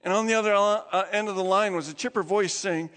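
A man preaching a sermon as pastor, telling stories in an animated way with laughs and acted-out quotes, in a church. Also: sits high, a little fast, long reverb tail.

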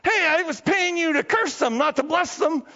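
A man's voice: very high-pitched, lively intonation, moderate pace, pushed and bright, voice pushed up, heavily acted. A man voicing an impatient, angry king who demands a curse, exasperated and pushy. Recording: dull lo-fi echoey hall.

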